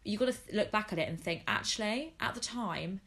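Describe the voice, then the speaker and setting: A woman's voice: medium pitch, animated, fairly quick, creaky, fairly bright tone. A young woman hosting a podcast, chatting casually with a friend and rambling with lots of "like". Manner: chatty, rambling, heavy use of "like". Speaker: podcast host.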